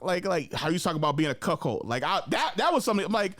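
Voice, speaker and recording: A man's voice: high-pitched, quick pace, no echo. A man hosting a podcast in casual chat, telling stories and ranting with lots of laughter. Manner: animated, laughing, worked-up rants; conversational storyteller. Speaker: podcast host.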